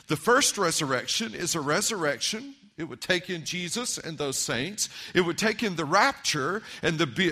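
A man preaching a sermon as pastor, earnest and emphatic at times, then quiet and personal. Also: high-pitched.

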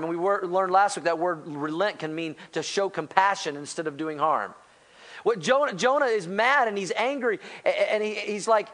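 A man preaching a sermon to a church congregation, animated and conversational, acting out quoted lines and asking the congregation for responses. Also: high voice, a little fast. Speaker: pastor.

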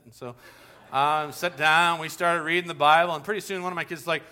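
A bright, high-voiced man in his forties preaching a relaxed sermon in a church. He tells stories from his family life and acts out every voice in them, jumping high with excitement and dropping low and quiet for asides. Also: a little fast. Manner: animated storytelling, acts out voices with big pitch swings. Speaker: pastor. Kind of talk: conversational sermon.

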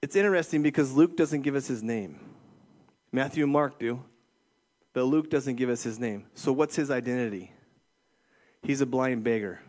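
A man's voice: medium pitch, moderate pace, long pauses, a little mellow. A middle-aged man preaching a casual sermon as a youth ministry director, checking in with listeners with frequent "okay?" and "right?". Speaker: youth pastor.

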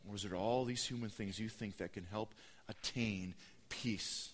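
A young man preaching a sermon, telling stories with lively acted-out voices. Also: on the low side, unhurried, slight background noise. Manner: animated storytelling, acting out voices. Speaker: pastor. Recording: long hall reverb.

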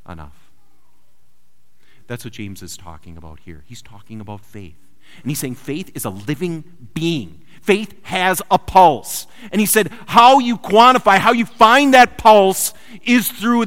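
A man preaching a sermon built around a personal story, swinging from loud urgent lines to quiet hushed ones. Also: a little high. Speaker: pastor. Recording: long hall reverb.

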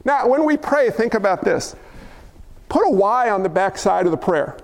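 A man preaching a lively sermon in a church sanctuary, his voice unusually high. He jokes and acts out little scenes as he goes. The sound carries a long hall reverb. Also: normal speed, vocal fry. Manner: animated, jokey preaching with acted-out quotes. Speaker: pastor.

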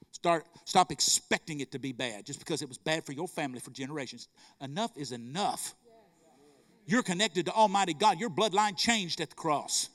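A middle-aged man with a drawl delivers a sermon. His voice sits high for a man, and his fervent storytelling keeps turning into calls to the congregation. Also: fairly bright tone. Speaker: preacher.

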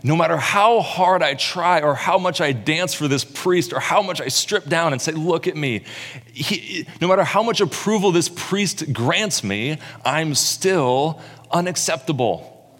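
A man's voice: a little high, animated, a little slow, fairly bright tone, pitched above the performer's own voice. A despairing outcast man pleads that he is still unacceptable, as a preacher puts him on. His voice rises a little and sounds searching. A long reverb from a large hall trails after every line. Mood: pleading.

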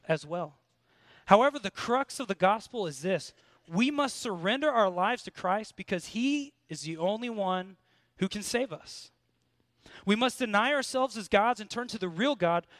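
American male preacher, high voice, close dry sound, earnest storyteller. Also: a bit bright, dry recording. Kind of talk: sermon with personal story.

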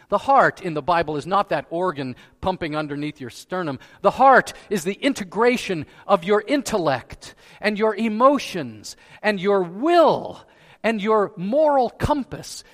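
A man preaching a sermon as pastor, asking rhetorical questions and rising to loud emphasis. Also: high-pitched, in a large hall. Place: church sanctuary.

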